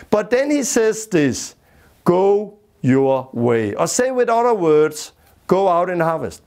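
A male Bible teacher leads a lesson in a high-pitched voice, circling back to the same key words repeatedly for emphasis. He speaks plainly and simply, with small grammatical slips, at the steady pace of a classroom talk.

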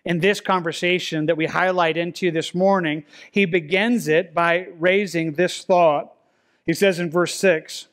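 High-voiced preacher working verse by verse. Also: male voice, fairly even intonation, a bit bright. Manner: conversational, repeats words, reads scripture slowly. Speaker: pastor. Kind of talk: expository sermon. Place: church sanctuary.

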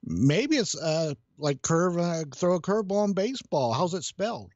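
A man's voice: sits high, big pitch swings, moderate pace, darkish tone, no room sound, lo-fi sound. A man co-hosting a casual radio show, chiming in with wisecracks and easy laughs. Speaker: radio co-host.

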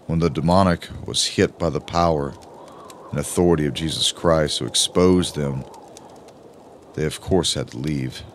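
A man giving a slow, measured first-person audiobook narration. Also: rumbling low, slight background noise.

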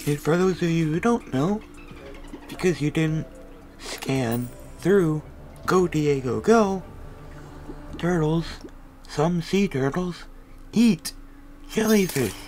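A young man giving rambling comic gameplay commentary, goofy and full of random tangents with deadpan asides. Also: on the high side, slow, pauses often, soft background music, poor audio. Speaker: gaming video creator.

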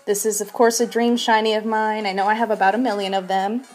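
A young woman streaming a video game, breathless and shaking with excitement, gushing and repeating her exclamations. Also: mid-range voice, quick pace. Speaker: shiny hunting streamer. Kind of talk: excited live game commentary.

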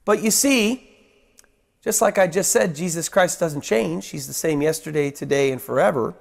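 A man preaching a sermon as pastor, swinging from raised, emphatic lines to hushed ones and repeating phrases for emphasis. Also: high-pitched, sing-song, moderate pace, vocal fry.

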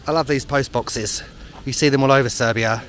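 A man's voice: mid-range voice, fairly even intonation, brisk, a bit bright, a little hiss or hum. A man talking casually in a walking travel vlog, chatty, self-mocking and enthusiastic, outdoors. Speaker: travel vlogger. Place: outdoors in a spa town street.

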